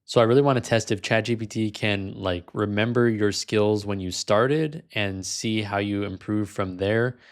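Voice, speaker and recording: Male vlog host, slightly low voice, frank casual delivery. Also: moderate pace, hardly any pauses. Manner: casual, frank, sometimes amused. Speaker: language learner and video host.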